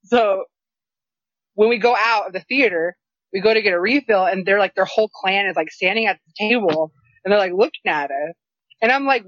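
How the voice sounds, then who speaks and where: Animated, profane woman telling a story. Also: mid-range voice, a little fast, dry recording. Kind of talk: casual storytelling chat. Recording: dry, slightly dull lo-fi sound.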